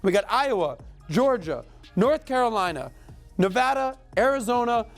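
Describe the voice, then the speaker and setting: A man's voice: very high voice, animated, normal speed, creaky, soft background music. A man from Florida hosting a show, delivering emphatic, blunt commentary straight to camera, with casual swearing and repeated calls to action. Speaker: show host. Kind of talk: direct-to-camera political commentary.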